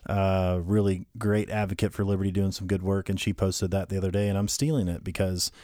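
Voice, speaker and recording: Lowish guy on a podcast, dry close sound, keeps restarting his sentences. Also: level tone, brisk, dark tone, dry recording. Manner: conversational, argumentative, trailing restarts. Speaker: podcast co-host. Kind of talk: casual political podcast chat.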